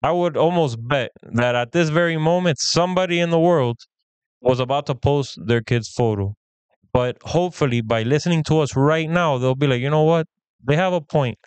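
A man's voice: medium pitch, clean tone, no room sound. A man in his thirties co-hosting a podcast, telling a story in casual chat and acting out the quoted lines of the people in it. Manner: animated, acts out quoted dialogue. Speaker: podcast co-host.

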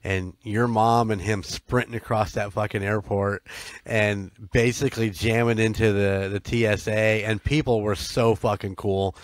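A man's voice: lowish voice, fairly even intonation, unhurried, no echo. A man co-hosting a podcast in a laid-back casual chat, laughing often. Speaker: podcast co-host.

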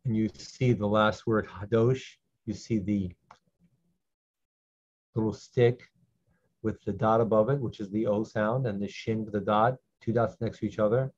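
A man teaching a slow Hebrew reading lesson, patiently repeating each syllable so learners can follow. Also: lowish voice, fairly even intonation, darkish tone. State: clearing his throat. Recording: dull lo-fi sound.

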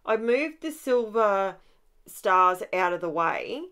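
A woman with an Australian accent, chatting through a voiceover of her own scrapbooking process in a lively, animated way. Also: medium pitch, slow pace, clean tone. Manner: chatty and animated, with rising exclamations and laughs. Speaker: scrapbooking channel host. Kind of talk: voiceover narration of a crafting process.

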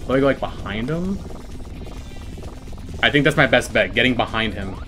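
A man giving excited commentary while playing a video game, swinging between calm explanation and shrieking, laughing panic, swearing a lot and boasting jokingly. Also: medium pitch, normal speed, faint music behind. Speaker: gaming YouTuber.

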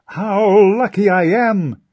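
A man's voice: high voice, slow, darkish tone, breathy edge, no echo, muffled recording, pitched above the performer's own voice, exaggerated voice. A man doing a greedy selfish traveler. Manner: grabby, boastful then panicky.

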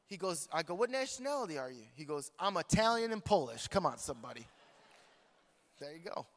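Bright, high-voiced preacher man. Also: fairly quick. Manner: animated, joking, talks to the congregation. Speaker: pastor. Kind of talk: storytelling sermon. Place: large church hall. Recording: long hall reverb.

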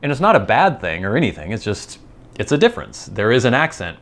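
A medium-pitched, slightly bright voice with big pitch swings and a quick pace belongs to an American channel host. He delivers a casual, digressive monologue, chatty and clearly amused.

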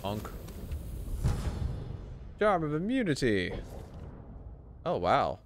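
A man's voice: mid-range voice, huge pitch swings, drawn-out words, music in the background. A man giving casual, joking commentary while playing a video game. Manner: joking, playful asides. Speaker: let's play host.

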